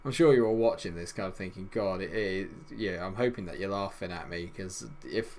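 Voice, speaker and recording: A young man commentating on his football management game, swinging between loud exasperation and low grumbling. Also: fairly quick, hardly any pauses. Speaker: gaming YouTuber.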